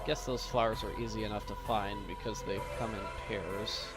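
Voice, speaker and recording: A man giving live, joking commentary as he plays a puzzle game, thinking aloud and getting excited. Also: lowish voice, normal speed. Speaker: gameplay commentator. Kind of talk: live let's-play commentary. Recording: commentary over game music.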